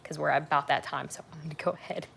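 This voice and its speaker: Young woman, livestream host, low gravelly voice, chatty, candid, rambling. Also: fairly even intonation, fast, fairly bright tone, a little hiss or hum. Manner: chatty, frank, rambling with fillers. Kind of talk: casual livestream chat. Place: at home on a couch.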